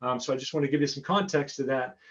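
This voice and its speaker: A man's voice: mid-range voice, fast talker, fairly bright tone, lo-fi sound. An American man giving a webinar talk over a remote call, eager and often repeating words as he starts a sentence. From United States. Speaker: guest speaker. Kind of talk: webinar presentation.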